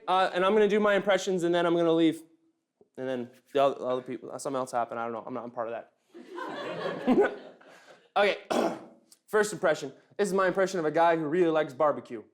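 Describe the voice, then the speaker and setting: A young male stand-up comedian talks through his set in a dry, self-deprecating way. His voice sits on the higher side for a man. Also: quick pace.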